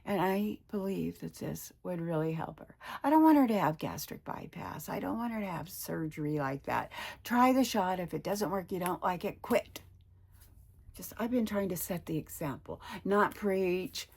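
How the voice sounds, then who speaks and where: A woman's voice: fairly low pitch, lively intonation, moderate pace, vocal fry, a little mellow, breathy edge. A woman in her sixties talking in a casual personal vlog, chatty and emotional, retelling her conversations. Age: 60s. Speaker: vlogger.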